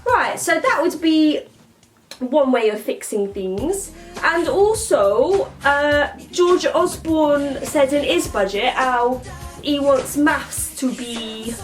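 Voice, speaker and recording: A woman's voice: high-pitched, animated, takes it slowly, soft background music. A woman playing a cocky, rambling young woman who says "mate" constantly in a comedy monologue. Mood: brash. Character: cocky young woman, slangy, chatty, full of herself.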